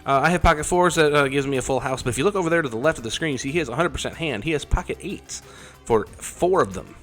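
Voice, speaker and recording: A man's voice: on the high side, fast, fairly bright tone, faint music behind. A man casually talking through his poker hands as a vlogger, in a rambling, wry and self-deprecating way. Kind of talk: casual poker hand commentary.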